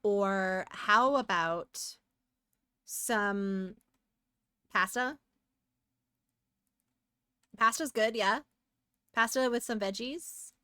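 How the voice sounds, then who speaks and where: A woman's voice: mid-range voice, extremely slow, long pauses, bright, forceful tone, clean tone, no echo, studio quality. An American woman streaming live, chatting casually and giggling while she works. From United States. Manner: chatty and giggly, hums and sings along.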